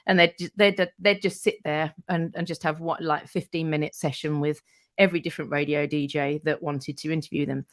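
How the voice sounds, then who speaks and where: A woman's voice: deep voice, steady tone, a little fast, no room sound. A woman, a radio presenter telling rambling anecdotes as a guest, with plenty of fillers and casual swearing.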